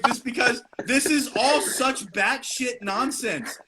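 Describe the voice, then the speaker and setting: A man hosts a live stream, ranting in a combative, profane and mocking way. His voice sits high. Clear clicking noise runs under the recording. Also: slow. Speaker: podcast host. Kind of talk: heated live-stream rant.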